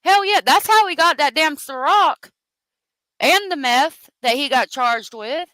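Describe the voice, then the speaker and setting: Woman host for unscripted true crime commentary: lively pitch that swings hard, bright edge, swearing and worked-up. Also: measured pace, dry recording, low-quality recording. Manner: profane, exasperated ranting.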